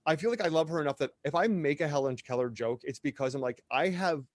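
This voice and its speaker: A middle-aged man chatting as a podcast guest, rambling and animated, drifting off on tangents and finding his way back. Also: a little high, fast, no echo. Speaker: podcast guest, drag performer. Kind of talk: casual podcast conversation.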